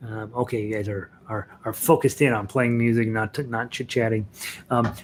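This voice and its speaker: A man's voice: fairly low pitch, fairly even intonation, normal speed, a little hiss or hum. A man leading an online ukulele group, talking casually and encouragingly between songs and laughing often. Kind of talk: casual online music class.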